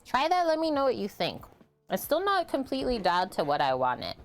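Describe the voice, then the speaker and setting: A woman's voice: fairly high pitch, wildly swooping pitch, fairly quick, faint music behind. A woman co-hosting a live cooking stream, chatting casually with viewers and her partner while she cooks.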